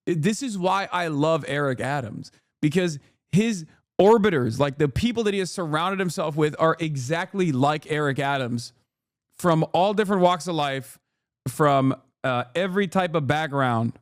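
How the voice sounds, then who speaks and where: Brief: a sarcastic male streamer, voice a touch high, dry close sound, swearing and rambling. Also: expressive, moderate pace, no room sound. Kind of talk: casual commentary.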